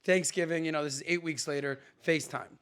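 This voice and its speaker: A man from Miami, a podcast guest, telling stories in an animated, chatty way with quick asides. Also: on the high side, clean tone. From Miami, USA. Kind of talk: casual storytelling chat.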